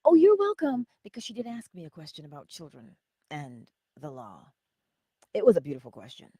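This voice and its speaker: A woman hosts a livestream, chatting casually and playfully, laughing often, and greeting viewers by name; she says she talks like a valley girl, and it shows. Her voice is deep, dark, and slightly rough, very animated and brisk. The studio-quality audio has no echo.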